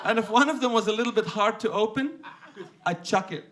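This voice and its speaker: A man's voice: high-pitched, fairly quick, background noise. A man from Lebanon doing a stand-up comedy set, punchy and self-deprecating, on a stage microphone. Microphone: handheld stage microphone.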